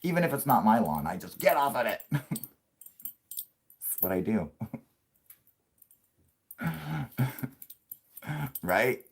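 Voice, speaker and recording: Late-30s male streamer, low register, profane loose banter, joking and laughing. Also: sing-song, slow, long pauses. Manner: crude, profanity-heavy rambling with frequent laughs; puts on a yelling grumpy old man for jokes. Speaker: live stream host. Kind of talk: casual live-stream chat.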